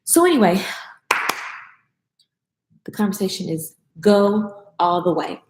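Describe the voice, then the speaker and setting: A woman's voice: medium pitch, very animated, slow, darkish tone. Woman, casual cooking chat, talks to viewers as y'all, echoey kitchen. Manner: chatty, talks to viewers as y'all, Southern slang. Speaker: vlogger and business coach. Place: home kitchen.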